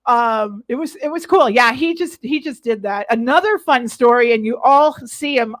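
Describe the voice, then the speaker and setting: A woman co-hosting a casual chat show, telling animated stories with laughs and loud acted-out quotes. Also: a little high, moderate pace. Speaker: co-host.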